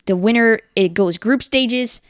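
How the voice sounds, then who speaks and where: A young man co-hosting a casual sports talk show, eagerly explaining teams and tournaments in quick runs of facts. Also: extremely high pitch, a bit bright, clear, resonant tone, no echo, studio quality.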